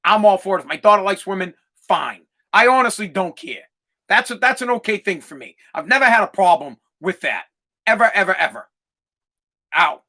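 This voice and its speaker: Male podcast host in his thirties, high and bright voice, blunt, profane storyteller. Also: big pitch swings, normal speed. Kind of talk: ranting monologue.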